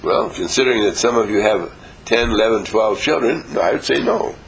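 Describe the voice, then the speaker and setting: A man leading a motivational seminar before a live audience, acting out little dialogues and coaxing the room to answer louder. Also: lowish voice, fairly quick, vocal fry, slight background noise, rough recording. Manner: animated, acts out little dialogues. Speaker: seminar leader.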